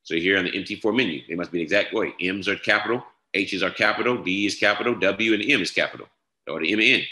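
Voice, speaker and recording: A man giving a step-by-step software tutorial, repeating each instruction and checking in with "all right?". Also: low voice, fast. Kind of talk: screen-share tutorial walkthrough. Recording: echoey room.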